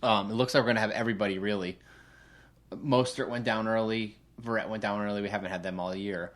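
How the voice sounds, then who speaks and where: Excited swearing man talking football. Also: on the low side, fast talker. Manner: excited, profane fan talk. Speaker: podcast co-host. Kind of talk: casual sports podcast chat.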